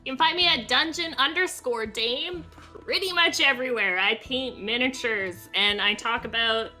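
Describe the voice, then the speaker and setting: A woman's voice: a little high, normal speed, bright, forceful tone, faint music behind. A woman player on a tabletop game stream, playful and joking as she talks. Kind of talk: casual chat.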